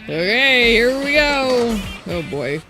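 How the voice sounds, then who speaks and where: A woman's voice: on the high side, sing-song, takes it slowly, music in the background. A woman streaming a video game, making giggly, amused asides. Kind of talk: let's play commentary.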